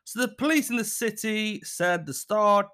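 A man hosting a podcast as a casual solo chat, animated, swearing freely and laughing often. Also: high-pitched, normal speed, clear, resonant tone. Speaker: podcast host.

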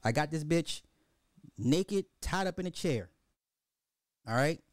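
Casual: crude podcast guy riffing a story, highish voice, very dry sound. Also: slow, no room sound. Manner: profane, animated, repetitive storytelling. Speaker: podcast host. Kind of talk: dark comedic monologue.

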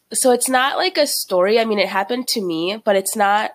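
A woman's voice: on the high side, moderate pace, dry recording. A young woman co-hosting a casual podcast. Her voice is nasal and stuffed up from a cold. She chats candidly and swears freely. The recording is dry and close. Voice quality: nasal, congested. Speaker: podcast co-host. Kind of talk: casual chat.

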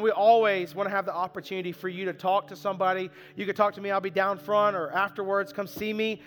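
A pastor preaching a sermon to his congregation, speaking in a conversational, earnest way and poking fun at himself. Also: sits high. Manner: conversational, earnest, self-deprecating. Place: church sanctuary. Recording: reverberant hall with soft music.

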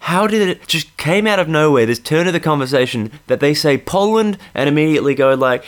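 A man's voice: a little high, lively intonation, fairly quick. A young Australian man telling a comic story in a monologue, sweary, exasperated and laughing as he goes.

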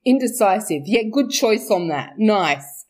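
A woman's voice: medium pitch, expressive, measured pace, darkish tone. A young woman, chatting casually about her book's characters, laughing often, swearing and correcting herself as she goes. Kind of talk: casual chat.

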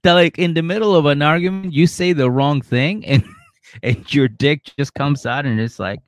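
A man's voice: on the high side, fairly even intonation, moderate pace, dry recording, studio quality. A man hosting a casual comedy podcast, retelling a reality show with swearing and laughter. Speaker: podcast host.

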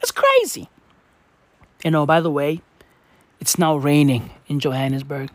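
A woman's voice: low-pitched, little pitch movement, moderate pace, darkish tone, no echo. A South African woman in her twenties delivering a profane, exasperated rant to camera, swearing and repeating her questions. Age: 20s. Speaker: vlogger. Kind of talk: profane ranting monologue.

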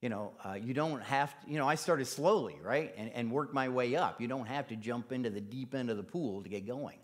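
A man's voice: mid-range voice, a little fast. A man preaching a casual, conversational sermon in church, using plenty of fillers. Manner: casual, chatty, with many fillers.

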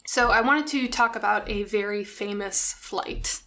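A woman co-hosting a comedy podcast, chatting casually and explaining history with lively asides. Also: medium pitch, measured pace. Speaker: podcast co-host.

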